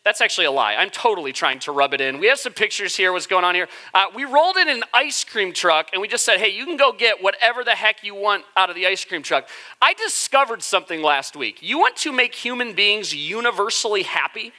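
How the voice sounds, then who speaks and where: A man's voice: high-pitched, lively intonation, fairly quick, sharp tone. A man preaching a casual sermon as the church's pastor, joking and conversational. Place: church sanctuary.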